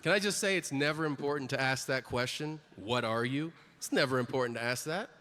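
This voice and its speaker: A man's voice: mid-range voice, brisk. Man telling a stand-up story in a hall. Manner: storytelling, acting out voices with sudden loud outbursts. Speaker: stand-up comedian. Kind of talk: stand-up comedy set. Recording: live hall with long reverb and audience noise.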